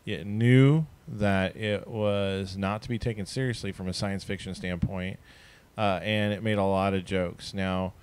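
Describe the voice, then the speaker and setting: A man co-hosting a casual movie review, easygoing and hesitant, often pausing with fillers. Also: low voice, fairly even intonation, a little mellow, clear, resonant tone, no room sound.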